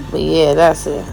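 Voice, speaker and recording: Low, gravelly-voiced young woman chatting. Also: a little mellow, poor audio. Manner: chatty and giggly, acts out quotes. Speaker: vlogger. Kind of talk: casual workout vlog chat.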